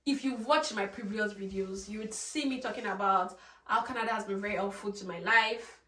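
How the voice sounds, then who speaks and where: A woman's voice: medium pitch, brisk, a bit bright, recorded from a distance. Nigerian-accented woman chatting in an echoey room. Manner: chatty, conversational, many "like" fillers. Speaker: vlogger. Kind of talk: casual chat.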